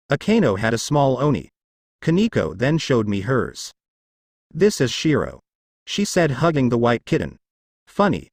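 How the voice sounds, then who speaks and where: Lively male fan story reader. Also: mid-range voice, dry recording, clean studio sound. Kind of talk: reading a fan story aloud.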